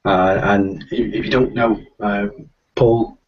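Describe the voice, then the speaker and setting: A man's voice: on the low side, fairly even intonation, takes it slowly. A man with a Liverpool accent hosting a casual live stream, hesitant with lots of ums. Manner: hesitant, with many ums and restarts. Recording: distant, dull lo-fi online call audio.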